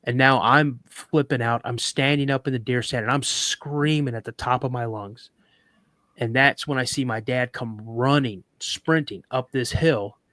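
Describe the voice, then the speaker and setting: A man telling a story as a guest on a talk show, building the scene vividly and stumbling over restarts as he goes. His voice sits at a middling pitch. The sound is dry and close, with no room echo. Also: steady tone, a little slow, bright, forceful tone. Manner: vivid, dramatic retelling with stammered restarts.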